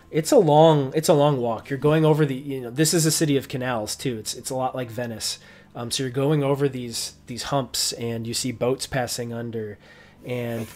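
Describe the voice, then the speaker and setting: A man narrating as game master of a tabletop game, rambling with many restarts and fillers. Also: medium pitch.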